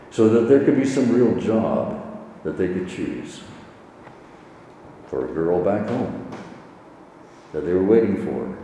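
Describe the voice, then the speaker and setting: A man preaches in a low, mellow voice, earnest and measured, repeating his phrases for weight. He is recorded from a distance in a large hall with a long, echoing reverb and a faint room hiss behind him. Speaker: pastor. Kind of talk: sermon. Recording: echoey hall from far off.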